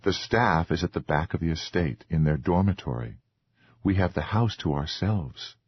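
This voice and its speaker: A man voicing a meek, earnest young wife with a soft, pleading, formal way of speaking. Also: sits low, normal speed, breathy edge, dull audio.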